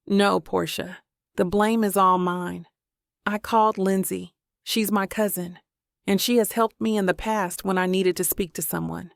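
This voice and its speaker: A woman narrator voicing a tender, apologetic young husband in an audiobook, speaking softly and sincerely. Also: mid-range voice, steady tone, measured pace, gravelly, no echo, clean studio sound. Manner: soft, sincere, pleading. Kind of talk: audiobook character voice.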